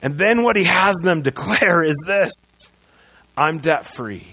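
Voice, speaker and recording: A man preaching a sermon as pastor in a church, moving between loud proclamation and quiet earnest passages. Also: high-pitched, moderate pace, breathy edge. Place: church sanctuary.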